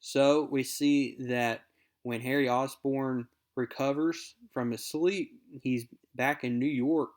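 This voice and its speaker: A young man talks through a comic book issue in a relaxed, upbeat recap. His voice sits at an ordinary middle pitch, and he reads character quotes aloud as he goes. The delivery is friendly and conversational. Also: slow pace.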